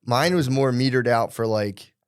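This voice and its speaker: A man's voice: mid-range voice, normal speed, clear, resonant tone, no echo, studio quality. Casual man swearing through a story. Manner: loose, profane storytelling with acted-out inner voices. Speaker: podcast co-host. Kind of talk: casual chat.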